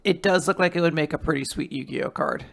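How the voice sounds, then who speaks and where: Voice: medium pitch, fast talker, fairly bright tone. A co-host of a manga recap podcast, adding wry, joking asides in casual chat.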